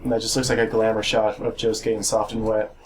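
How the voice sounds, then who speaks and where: A man co-hosting a casual podcast, talking fast and hyped about a favorite series. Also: lowish voice, slight background noise. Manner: excitable, hyped fan talk. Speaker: podcast co-host. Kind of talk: casual chat.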